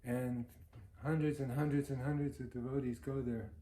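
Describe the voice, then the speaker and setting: Man, storytelling speaker, mellow dark voice, earnest, roomy echo. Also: mid-range voice, steady tone, moderate pace. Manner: anecdotal, chuckling, earnest. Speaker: devotional speaker. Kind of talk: storytelling talk.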